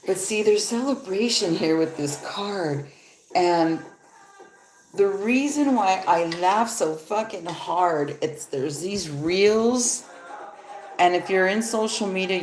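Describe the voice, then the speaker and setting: Woman doing a live tarot reading, low voice, cussing and rambling, roomy echo. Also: slight background noise. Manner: loose, profane, rambling. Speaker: tarot reader. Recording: echoey room.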